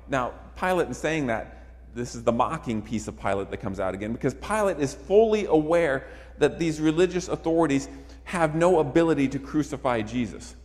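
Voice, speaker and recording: A man's voice: fairly high pitch, very animated, moderate pace, a little mellow. A man preaching a sermon emphatically, repeating phrases for effect. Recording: long reverb of a large hall.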